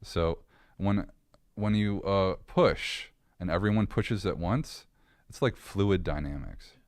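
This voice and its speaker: Very deep-voiced man telling his story. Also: slow pace, no echo, studio quality. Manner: earnest, candid storytelling with frequent restarts. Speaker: podcast guest. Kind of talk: personal story in casual interview.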